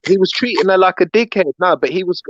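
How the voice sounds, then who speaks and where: A man's voice: sits high, fast talker, dull audio, noisy background. A man telling a long, rambling story in casual chat, full of fillers and "innit".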